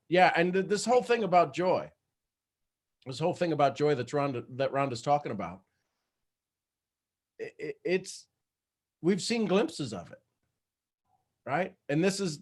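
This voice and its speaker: A man hosting a video call, giving earnest coaching advice with halting speech and frequent restarts. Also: a little high. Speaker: host. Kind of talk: motivational coaching talk.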